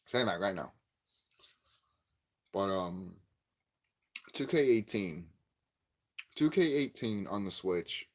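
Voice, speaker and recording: In a ranting vlog, a man who comments on games for YouTube takes it slowly, leaving long pauses between angry, profane complaints that he keeps repeating. When he's worked up, his lively, swinging pitch rises high and loud.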